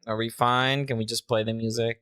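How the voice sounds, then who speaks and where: A man's voice: medium pitch, level tone, fairly quick, fairly bright tone, clean tone, no room sound. A man chatting casually on a livestream as he presents a remix. He is playful, laughs a lot, swears freely, and breaks into joking meows. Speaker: music producer presenting a remix to a live chat.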